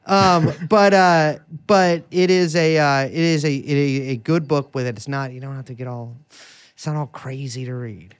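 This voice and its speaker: A man's voice: on the high side, steady tone, moderate pace, clean tone, dry recording. A man co-hosting a podcast, chatting casually and joking around with put-on voices. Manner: jokey, slips into silly put-on voices. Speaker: podcast co-host. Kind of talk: casual comedic banter.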